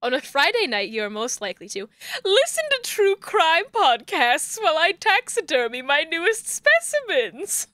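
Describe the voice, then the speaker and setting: A woman's voice: very high voice, very animated, normal speed, sharp tone, no echo, voice pushed up, full character voice. A woman reading out the dating profile of a gloomy gothic dad who loves all things Victorian, in a formal, old-fashioned way.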